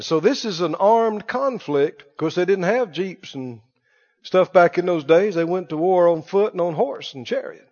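A male pastor preaching an animated sermon, laughing often and drawing his words out. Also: high-pitched, normal speed, dull audio.

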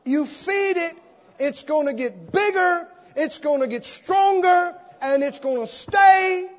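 A man preaching a sermon, telling an animated story and acting out the scenes as he goes. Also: very high-pitched, slow pace. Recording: dull sound, long hall reverb.

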